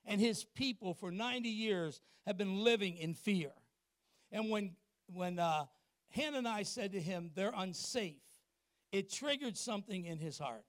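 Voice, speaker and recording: Middle-aged male pastor preaching in church; high voice, swings from loud emphasis to hushed asides, quizzes the congregation. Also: animated, unhurried, no room sound, studio quality. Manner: asks the congregation questions and acts out little exchanges. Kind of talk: sermon.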